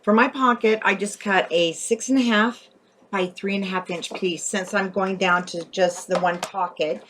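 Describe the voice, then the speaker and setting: A woman's voice: medium pitch, steady tone, moderate pace, a bit bright, a little hiss or hum. A woman hosting a craft tutorial, chatting as she works and often correcting herself. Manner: chatty, thinking aloud while working, often self-correcting.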